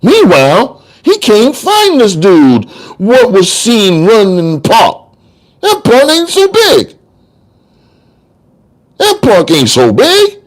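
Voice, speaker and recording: A man's voice: very high voice, wildly swooping pitch, slow, pauses often, voice pushed up, exaggerated voice. A man doing a slangy, showboating trial lawyer. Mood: arguing. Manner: slangy, sing-song courtroom oratory. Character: fast-talking street-smart male trial lawyer. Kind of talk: dramatic audiobook reading.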